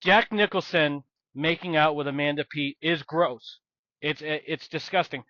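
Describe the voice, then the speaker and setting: A man's voice: a little high, measured pace, sharp tone, no echo, highs cut off. A man co-hosting a podcast, rambling and blunt as he chats about films. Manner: rambling, emphatic, blunt complaints. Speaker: podcast co-host. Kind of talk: casual film discussion.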